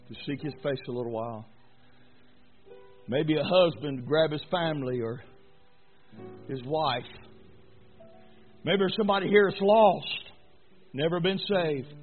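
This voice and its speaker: A man preaching a sermon to a church congregation, dropping to low murmurs and rising to high shouted exhortation. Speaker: pastor. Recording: tinny phone-like sound.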